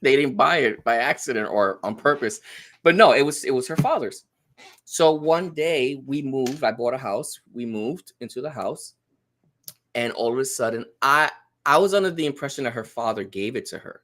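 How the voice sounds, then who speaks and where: A man in his thirties tells a story on a casual podcast, his pitch swinging widely. He slips into the voices of the people he quotes and keeps a chatty storytelling manner. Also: moderate pace. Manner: animated storyteller, acts out quotes. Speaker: podcast guest. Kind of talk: casual chat.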